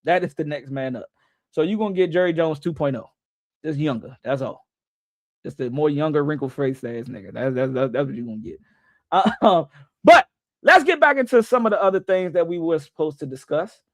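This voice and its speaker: A man's voice: a little high, expressive, brisk, dry recording. A man hosting a live sports reaction stream, chatting loosely with viewers and joking as he goes. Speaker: livestream sports host.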